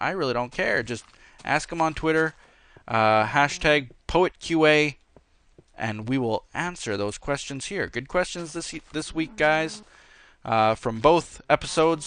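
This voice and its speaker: Bright, crisp-voiced man playing a game. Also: medium pitch, dry recording. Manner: rambling, easygoing, with many fillers. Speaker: let's play host. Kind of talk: casual gameplay commentary with viewer Q&A.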